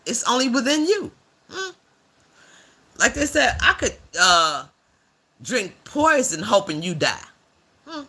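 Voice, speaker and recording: A man voicing a blunt, rough-edged older woman who hosts a livestream and gives preachy commentary in a drawling, slang-filled way. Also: very high voice, big pitch swings, slow, long pauses, bright, forceful tone, exaggerated voice. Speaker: livestream host.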